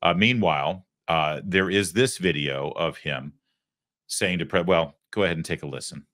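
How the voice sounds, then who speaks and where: A man's voice: deep voice, moderate pace, fairly bright tone. A man hosting a political commentary show, talking in a sarcastic, indignant way. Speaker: host.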